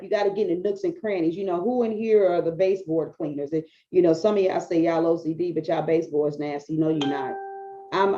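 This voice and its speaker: Brief: middle-aged woman coach, casual rant to camera, profane and animated, warm low tone. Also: muffled recording. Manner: blunt, profane, animated storytelling. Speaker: business coach. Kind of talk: casual talking-head video.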